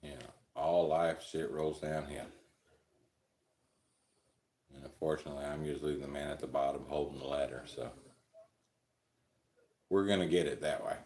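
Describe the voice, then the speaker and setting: A man's voice: a bass voice, steady tone, normal speed, pauses often, darkish tone, reverberant. A man hosting a live stream, telling rambling, crude, joking stories and chuckling often. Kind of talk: casual storytelling chat.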